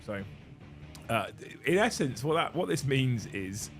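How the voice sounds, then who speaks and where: A middle-aged man hosts a relaxed livestream with a hoarse, worn voice. He chats loosely, swears casually and pokes fun at himself, over faint background music. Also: medium pitch, unhurried. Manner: chatty, swears casually, self-mocking. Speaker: streamer host.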